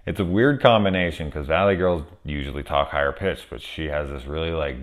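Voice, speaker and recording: A movie reviewer talks casually on camera about a horror film from a home camera setup, rambling, swearing freely and gushing with enthusiasm. His rumbling low voice moves fairly quickly with hardly any pauses.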